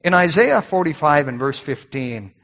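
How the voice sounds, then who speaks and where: A man preaching in a large hall with a long echo trailing his words. His voice sits high and swings widely as he acts out the voices of the people in his story. He repeats words in quick bursts. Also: expressive, a bit bright. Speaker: pastor. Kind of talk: sermon.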